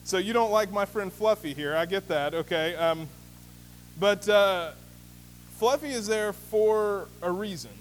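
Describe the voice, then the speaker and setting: A man's voice: sits high, a little slow. A man preaching a sermon as pastor, in a conversational storytelling manner with many fillers. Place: church sanctuary. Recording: reverberant hall with faint hum.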